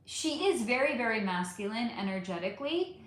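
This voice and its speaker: Woman livestream host, rambling casual chat, slightly high voice, echoey room. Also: big pitch swings, fairly quick. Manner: chatty, rambling, frequent fillers. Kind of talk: casual livestream chat answering viewer comments.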